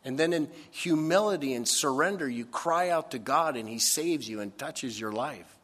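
A man preaching a sermon, slow and emphatic, swinging between loud stressed phrases and soft, low asides. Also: expressive, in a large hall. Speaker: pastor.

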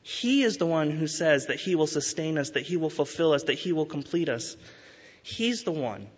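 A man's voice: on the high side, expressive. Earnest man preaching in a reverberant hall. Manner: earnest, urging, with emphatic rises and slow stresses. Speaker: pastor. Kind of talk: sermon. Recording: dull sound with long hall reverb.

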